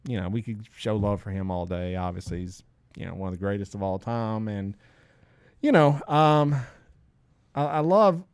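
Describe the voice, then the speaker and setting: Excitable laughing man, dry close mic. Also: fairly low pitch, clean tone, no room sound. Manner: excitable, emphatic, quick to laugh. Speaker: podcast co-host. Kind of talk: casual podcast chat.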